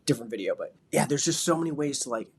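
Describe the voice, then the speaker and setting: A man in his thirties talks casually as a father, his voice slightly husky and pitched in the middle range. He rambles loosely, piling filler words into his sentences as he reflects. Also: lively intonation, racing. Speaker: vlogger, father.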